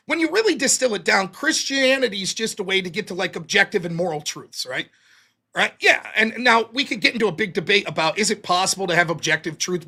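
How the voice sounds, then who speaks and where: A man's voice: sits high, pushed and bright. A man casually recapping a debate he took part in, talking bluntly and swearing often. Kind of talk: casual post-debate chat.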